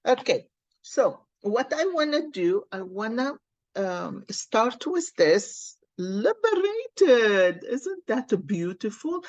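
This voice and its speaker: Woman card reader, casual spiritual chat, slow and earnest, dry close mic. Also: on the high side, sing-song, no room sound, muffled recording.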